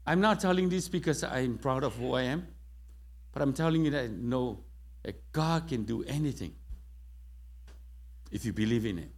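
A man's voice: medium pitch, lively intonation, moderate pace, long pauses. A middle-aged man preaching a sermon, telling a personal testimony with quoted dialogue, in slightly broken English in a church. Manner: non-native grammar, storytelling with quoted dialogue.

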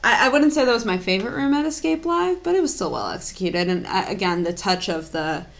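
A young woman co-hosting a casual podcast, relaxed and laughing easily, with fillers and repeats. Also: medium pitch, fairly quick, vocal fry. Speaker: podcast co-host.

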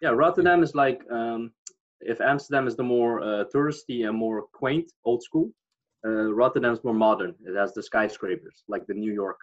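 A man's voice: mid-range voice, moderate pace. A man with a Dutch accent chatting casually, hesitant and searching for words with many fillers. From Netherlands. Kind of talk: casual chat. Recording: dull lo-fi sound.

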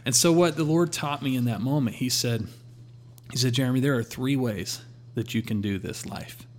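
A man sharing a personal faith testimony in a relaxed conversational way, acting out his talks with God. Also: medium pitch, moderate pace, slight background noise. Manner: storytelling, quotes God in a calm voice.

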